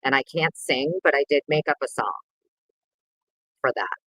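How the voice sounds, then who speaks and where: A woman's voice: moderate pace, a bit bright, no echo, low-quality recording. A woman hosting a casual livestream, greeting viewers by name in a playful, sing-song way. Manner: bursts of sing-song and squeaky voices. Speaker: livestream host.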